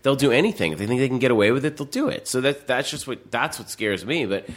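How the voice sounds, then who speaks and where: A man in casual conversation who tells stories with energy. His voice sits at a middle pitch, and he breaks into voiced quotes as he goes. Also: fast talker. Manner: animated storytelling with acted-out quotes. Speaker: podcast guest. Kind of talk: casual chat.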